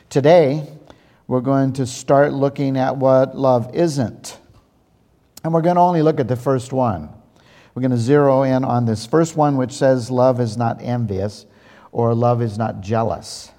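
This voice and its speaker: A man preaching a sermon as pastor, reading and explaining slowly and deliberately, stressing key words. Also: medium pitch, warm tone. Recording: long hall reverb.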